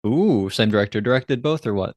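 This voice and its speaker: A young man in his twenties trades jokes on a casual podcast, tossing out quick asides and the odd curse. His voice sits at an ordinary middle pitch. The sound is dry and close, with no room around it. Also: expressive, darkish tone, no room sound. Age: 20s. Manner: joking, swearing, quick banter. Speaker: podcast co-host. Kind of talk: casual chat.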